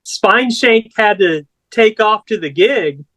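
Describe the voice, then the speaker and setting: High, bright-voiced Texan-raised guy. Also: animated, unhurried, dry recording, rough recording. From Corpus Christi, Texas. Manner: laid-back, rambling, swears casually, says dude and man. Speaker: guest musician. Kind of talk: casual storytelling interview.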